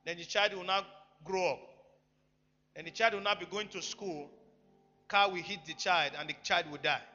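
A man preaching a sermon, emphatic, swinging between loud bursts and quiet asides. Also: sits high, steady tone, moderate pace. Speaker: pastor. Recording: echoey hall, dull lo-fi sound, faint music.

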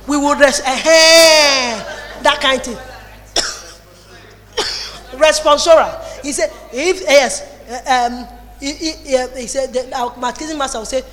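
A woman with a Nigerian accent preaching a lively sermon, slipping into Pidgin and Igbo phrases. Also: high-pitched, takes it slowly. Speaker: pastor. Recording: long reverb in a hall.

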